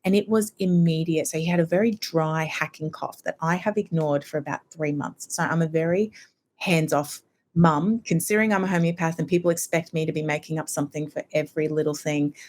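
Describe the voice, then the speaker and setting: A low-pitched woman in her thirties chats on a podcast as a homeopath guest. She explains at length in a relaxed, conversational way, slipping into brief impressions of other people. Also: fairly quick. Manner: chatty, explanatory, acts out quoted people. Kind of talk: casual podcast interview.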